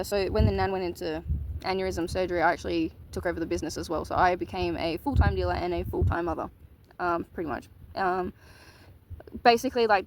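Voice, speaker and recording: A woman's voice: lowish voice, a little hiss or hum, rough recording. A woman telling a personal story in a casual, candid monologue, swearing casually. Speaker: vlogger.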